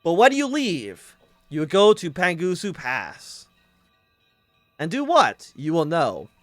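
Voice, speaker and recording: A man's voice: wildly swooping pitch, slow, no room sound, faint music behind, exaggerated voice. A man reading as a grating, lofty lion automaton. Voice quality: grating rumble. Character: grandiose male lion automaton, city protector.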